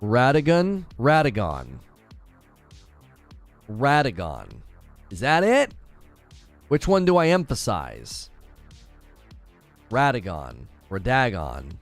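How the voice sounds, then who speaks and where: Animated ranting man, lively pitch. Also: slow pace, pauses often, faint music behind. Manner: animated, ranting, stumbling over hard names. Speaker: gaming channel host. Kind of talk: casual live-stream chat, reading viewer comments.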